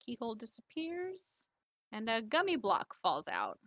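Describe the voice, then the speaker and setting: A woman's voice: a little high, huge pitch swings, a little slow, fairly bright tone, dry recording. A woman co-hosting a casual podcast, retelling a game scene in a playful, giggly way and swearing now and then. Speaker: podcast co-host.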